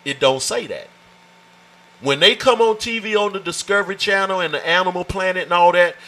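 A man's voice: high-pitched, bright, forceful tone, poor audio. A man teaching a Bible study in an emphatic, folksy way, often calling out "watch this" and "amen" to his listeners. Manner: informal, folksy phrasing.

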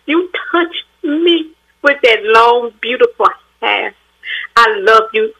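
A woman's voice: high voice, expressive, a little slow, sharp tone, poor audio. A woman calling in to a radio show, speaking in a heartfelt, effusive way and fighting back tears. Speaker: caller. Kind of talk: call-in radio talk.

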